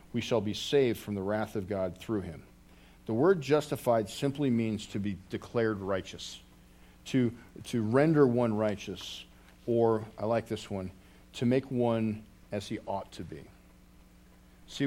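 A man's voice: on the low side, mellow. A man preaching a sermon as a pastor, telling a story earnestly and often restarting his phrases.

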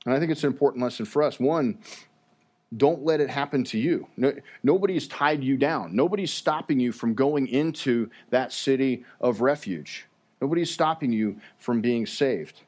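A man preaching a sermon in an earnest, halting way, often repeating words as he goes. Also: medium pitch, a little mellow.

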